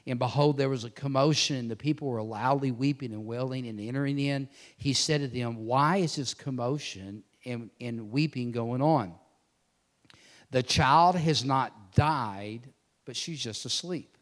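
A man preaching a sermon, swinging between loud emphatic declarations and hushed, intense passages. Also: mid-range voice, moderate pace, few pauses.

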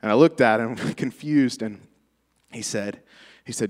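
A man's voice: medium pitch, unhurried, long pauses, a little mellow. Man telling a story in a reverberant church. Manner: storytelling, conversational, laughing often. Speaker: church member giving a tribute. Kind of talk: testimony speech to a congregation. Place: church sanctuary.

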